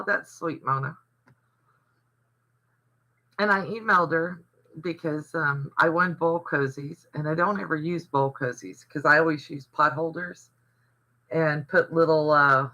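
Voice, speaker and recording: Over poor audio, a fairly high, bright, forceful voice belongs to an older man from the Southern United States. He hosts a casual livestream, chatting and rambling through stories while reading and answering viewer comments.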